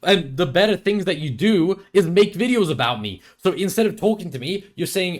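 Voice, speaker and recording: A man's voice: high voice, expressive, normal speed, few pauses. A young man reacting to clips in a profane commentary video, sarcastic and mocking, often stumbling over his words. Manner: stammering restarts. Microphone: headphones and desk mic.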